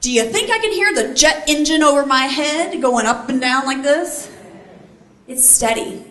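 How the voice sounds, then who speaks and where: A woman's voice: sits high, lively intonation, moderate pace, fairly bright tone. A middle-aged woman giving a speech to a live audience, telling a story animatedly and quizzing her listeners. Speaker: keynote speaker, former Army helicopter pilot. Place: large room before a live audience. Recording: echoey hall, faint ambience.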